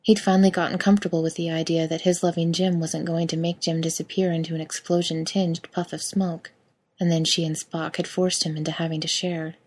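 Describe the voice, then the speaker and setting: A woman reading fan fiction aloud in an even, measured narration. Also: low-pitched, husky. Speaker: reader.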